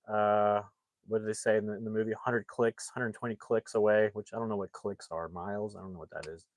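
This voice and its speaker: A man's voice: fairly low pitch, fairly even intonation, brisk, no echo. A young man casually recapping a film's plot, rambling with frequent restarts and loosely acting out the characters' lines. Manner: rambling, many restarts, acts out quotes loosely. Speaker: movie reviewer.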